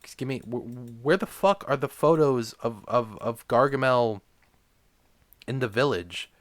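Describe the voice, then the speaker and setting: A man's voice: medium pitch, lively intonation, measured pace. A young man delivering a crude, rambling comedy rant packed with swearing and filler words. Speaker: comedic ranter.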